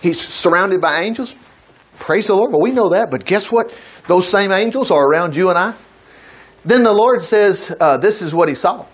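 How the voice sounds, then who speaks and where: A man preaching a sermon, retelling a Bible story in a folksy, animated way with frequent chuckles. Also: sits high, moderate pace.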